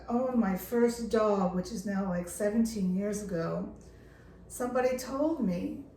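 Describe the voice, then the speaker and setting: Indoors at a lake house, a middle-aged dog care vlogger talks casually to camera in an earnest, impassioned way, leaning hard on key words. Her mid-range voice is a little mellow. The sound is roomy, with a little hiss or hum.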